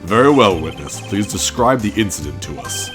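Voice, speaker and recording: A man's voice: fairly low pitch, very animated, moderate pace, over music. A man voicing a stern, impatient male prosecutor with clipped, curt speech.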